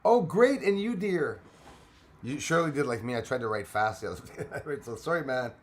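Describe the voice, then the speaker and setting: A man's voice: medium pitch, lively intonation, normal speed. A man hosting a casual livestream, greeting commenters by name, laughing often and chatting loosely. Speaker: livestream host. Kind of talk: casual live chat with viewers.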